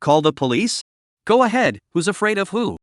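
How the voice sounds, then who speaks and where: A hot-tempered, food-loving young man, blunt and quick to anger, read out by a man. His voice jumps high and lively, recorded dry. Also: no room sound. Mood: angry. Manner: blunt and angry.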